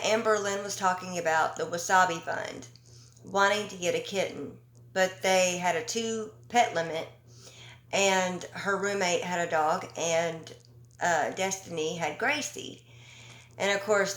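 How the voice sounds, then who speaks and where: A woman giving casual opinion commentary, talking slowly and emphatically with an indignant edge and many ums and pauses. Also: lowish voice, fairly bright tone, echoey room. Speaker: commentary YouTuber.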